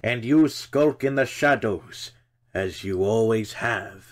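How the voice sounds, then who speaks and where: A man's voice: medium pitch, lively intonation, slow, pushed and bright, dry recording, heavily acted. A man voicing a stern old male village elder who speaks sharply and commandingly in an audiobook. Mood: defiant. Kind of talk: audiobook character voice.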